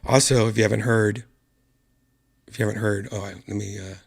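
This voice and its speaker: A man hosting his own online show, hoarse from a lost voice and talking quietly and softly to spare it. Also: lowish voice, fairly even intonation, a little fast. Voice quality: gravelly. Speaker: podcast host. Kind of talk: casual solo stream chat.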